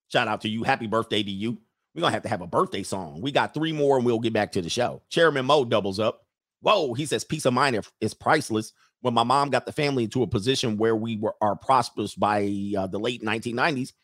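A man's voice: mid-range voice, a bit bright, no room sound, clean studio sound. A man hosting a live stream, reading viewer comments aloud and riffing on them in a loose, joking way. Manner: loose, joking, talks straight to the chat. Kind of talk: casual commentary.

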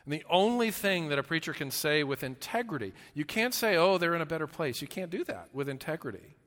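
Man, pastor, sermon, earnest, bright forceful voice, fairly high pitch, long hall reverb. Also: animated. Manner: earnest, with repeated restarts and stammers; swings from loud emphasis to hushed, slow lines.

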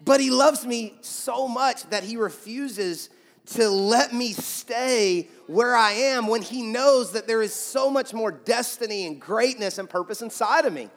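A young pastor's very high-pitched, slightly bright voice comes through a little slow, echoing with the hall reverb of a large church sanctuary. He preaches conversationally, telling stories and performing the quotes he cites.

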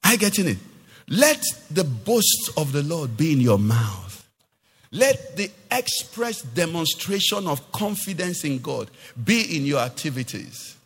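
A male pastor preaching with strong emphasis, his pitch swinging widely, sometimes lifting into song or a shout. His voice sits high for a man. It rings through a church with a long reverb tail. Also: big pitch swings, unhurried, husky, soft background music. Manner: emphatic preaching, asks the congregation questions; sings some phrases, rises to shouts. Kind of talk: sermon.

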